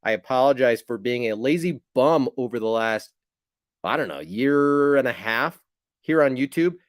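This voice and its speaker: A man talks casually to his viewers, rambling along with plenty of fillers and ribbing one of them. His voice is mid-pitched and the sound is dry and close, with no room around it. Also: animated, moderate pace, dry recording. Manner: rambling, chatty, teasing a viewer. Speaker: channel host. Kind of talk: casual livestream chat.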